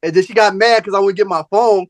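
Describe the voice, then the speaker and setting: A man's voice: high-pitched, fast talker, dry recording. A male podcast host telling a long personal story in casual chat, acting out each side of the conversation with plenty of profanity. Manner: animated, profane storyteller, acts out both sides of conversations.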